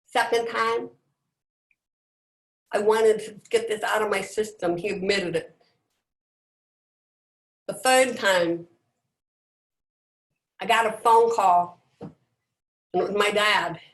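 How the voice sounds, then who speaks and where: A middle-aged woman giving a personal motivational talk, emphatic and dramatic, with deliberate pauses, over a video call. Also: medium pitch. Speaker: motivational speaker. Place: indoors, at home on a video call. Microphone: video call microphone. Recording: roomy echo.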